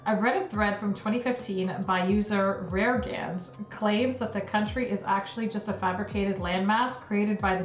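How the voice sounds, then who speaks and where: A woman's voice: medium pitch, echoey room. A woman hosting a casual livestream, chatty and giggly as she reacts to what she reads. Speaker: livestream host. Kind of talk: casual livestream chat reading conspiracy theories.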